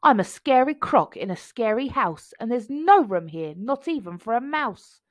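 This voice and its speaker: A woman's voice: a little high, sing-song, normal speed, no echo. A woman reading as a snippy fussy crocodile. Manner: snippy and tidy-minded. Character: snappy fussy male crocodile.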